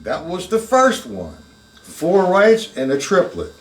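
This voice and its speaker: A man's voice: high voice, wildly swooping pitch, takes it slowly. An older man giving a live drum lesson, chatting casually, calling viewers by name and counting beats aloud. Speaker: drum teacher. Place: room with drum kit. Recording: echoey room, from a distance, with music.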